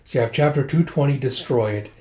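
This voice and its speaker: Man, casual manga read-through, mid-pitched voice, chatty recap. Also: darkish tone. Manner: quick recap that introduces quoted lines with "it's like". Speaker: manga reviewer.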